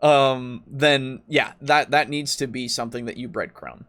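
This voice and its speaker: A young man co-hosting a podcast in casual chat, laughing often and acting out quotes with sudden loud, high bursts. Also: a little slow. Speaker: podcast co-host.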